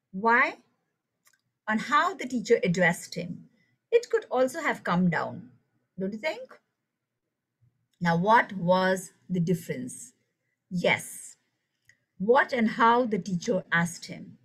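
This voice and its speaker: Woman teacher trainer, lively pitch, slightly husky voice, storytelling workshop on a video call. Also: rough recording. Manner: engaging, animated, asks the audience questions.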